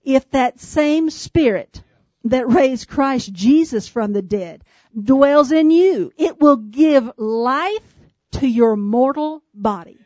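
A woman preaching a sermon to a small church, slowing to hushed emphasis on key lines and calling out listeners by name. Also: high-pitched, expressive, no echo, dull audio. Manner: shifts from brisk asides to slow, hushed emphasis; addresses congregation members by name.

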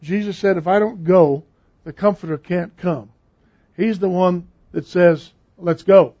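A man's voice: high-pitched, measured pace, dark tone. An older man preaching a sermon with emphatic, repeated phrases. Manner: emphatic, repeating key words. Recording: dull lo-fi sound.

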